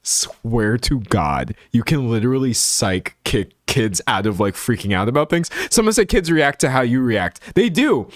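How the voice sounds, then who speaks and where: A young man streaming, chatting casually and reading out chat, often laughing and slipping into high voices. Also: moderate pace, hardly any pauses, dry recording, clean studio sound. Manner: animated, laughing, slangy, jumps into high voices.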